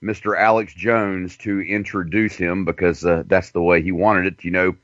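A man's voice: deep voice, level tone, normal speed, fairly bright tone, no echo. A man hosting a talk radio show, rambling and crude, with a joking manner. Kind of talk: casual talk radio monologue. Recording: dull dry lo-fi sound.

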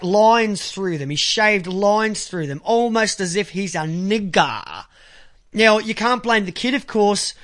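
A man ranting crudely to camera, halting when he reads aloud. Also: high voice, fairly bright tone. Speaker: vlogger. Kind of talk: angry profane monologue to camera.

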